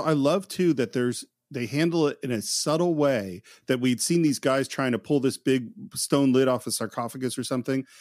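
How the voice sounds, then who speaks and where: A man's voice: medium pitch, darkish tone, dry recording, studio quality. A man co-hosting a film podcast who recaps scenes in a chatty way with playful asides. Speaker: podcast co-host. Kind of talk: casual film discussion.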